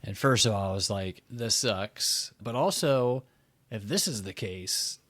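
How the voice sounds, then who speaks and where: A man co-hosting a casual book club podcast who reads passages aloud and breaks into excited outbursts. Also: on the low side, normal speed, no echo. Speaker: podcast co-host.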